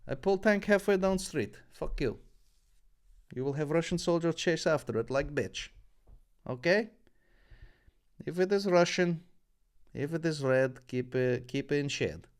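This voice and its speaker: A man's voice: a little high, expressive, a little slow, long pauses, pitched above the performer's own voice. A man voicing a boastful Eastern European farmer in a mock accent and broken English. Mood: brash. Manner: broken English, brash and yelling.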